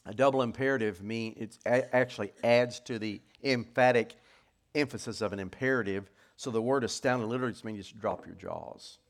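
A man teaching scripture verse by verse, reading each passage slowly and with emphasis, then explaining it in quicker, casual asides. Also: medium pitch. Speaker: Bible teacher.

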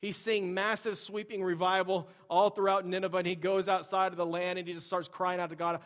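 A man in his thirties preaches a sermon in an easy, storytelling style, speaking straight to his congregation. His voice sits a little higher than most men's and rings with a long hall reverb. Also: level tone, a little fast, few pauses, a bit bright. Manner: conversational, storytelling, addresses the congregation directly. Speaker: pastor.

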